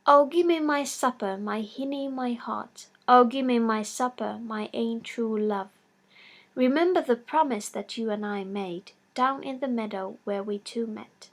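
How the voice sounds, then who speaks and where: A tiny wheedling frog from an old fairy tale, coaxing his promised bride in a soft sing-song, as a woman puts him on. The voice sits a touch higher than usual and stays gentle and persistent. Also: unhurried, heavily acted. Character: small singing male frog, wheedling suitor.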